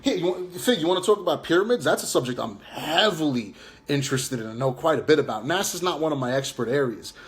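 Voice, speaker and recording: A man's voice: fairly high pitch, animated, fast. Taunting New York man ranting live. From Long Island, New York. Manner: taunting, mocking, rambling with fillers. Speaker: live stream host. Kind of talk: casual ranting live chat.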